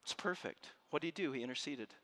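A man preaching a sermon to a room and listeners at home, telling a story with passion and dropping from loud to hushed. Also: fairly high pitch, expressive, quick pace. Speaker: pastor. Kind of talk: sermon to a live congregation. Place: room with an audience.

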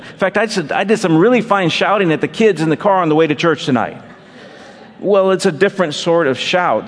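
Storytelling pastor in a reverberant church. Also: male voice, on the high side. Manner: storytelling, self-deprecating humor, asides to congregation. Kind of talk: sermon with personal story.

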